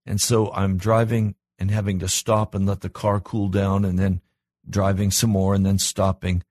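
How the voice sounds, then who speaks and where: A man preaching as a pastor, earnest, his voice climbing higher and louder when he presses a point. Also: dry recording. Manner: earnest, rises in pitch and volume when stressing a point. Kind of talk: sermon.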